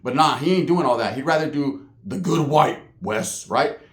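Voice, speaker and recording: A man hosting his channel, telling a street story in a casual, profane, animated way. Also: fairly high pitch, moderate pace. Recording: echoey room.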